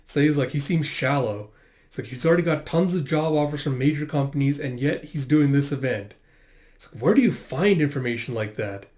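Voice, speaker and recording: A man's voice: medium pitch, expressive, fairly quick, darkish tone. A man reading through a manga chapter and commenting in a rambling, irreverent way, with plenty of fillers. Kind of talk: casual chapter read-through.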